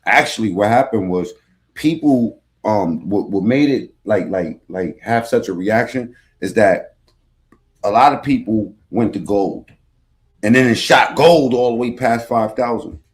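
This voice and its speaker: A man's voice: on the low side, animated, unhurried. A man hosting a casual podcast, reacting to a clip in loose, slangy, profane talk.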